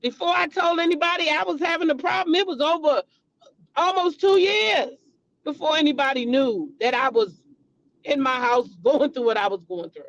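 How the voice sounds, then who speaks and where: High-voiced female commentary host, blunt, profane, heated; AAVE speech. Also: animated, normal speed, gravelly, no echo, dull audio. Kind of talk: casual commentary vlog.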